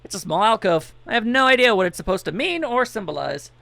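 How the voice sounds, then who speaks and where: A man's voice: sits high, lively intonation, fast talker, vocal fry, few pauses, sharp tone. Jokey man doing game commentary. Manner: jokey, reads on-screen text aloud. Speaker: let's play commentator. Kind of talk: casual gameplay commentary.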